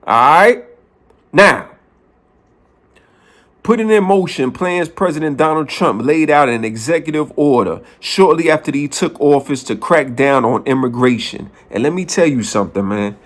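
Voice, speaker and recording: Bronx guy, fairly high voice, punchy vlog rant. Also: expressive, moderate pace. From New York, the Bronx. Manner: emphatic, repeats phrases for punch. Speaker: vlogger. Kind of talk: casual opinion vlog.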